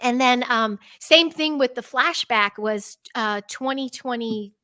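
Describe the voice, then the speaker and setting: A woman's voice: on the high side, a little slow, no room sound, clean studio sound. A woman in her thirties, a podcast guest, animatedly telling personal stories with frequent laughs and acted-out quotes. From United States. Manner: animated, laughing often, acts out her own quoted lines. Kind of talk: conversational storytelling.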